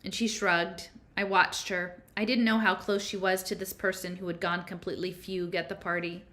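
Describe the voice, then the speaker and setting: A woman reads a first-person novel aloud, conversational and a little unpolished, with small slips. Her voice sits slightly low. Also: level tone, normal speed, fairly bright tone. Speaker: audiobook reader.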